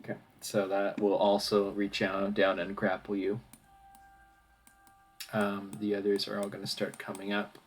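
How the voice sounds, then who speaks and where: A man narrating a tabletop game as dungeon master, relaxed and hesitant with fillers. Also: lowish voice, unhurried, faint music behind.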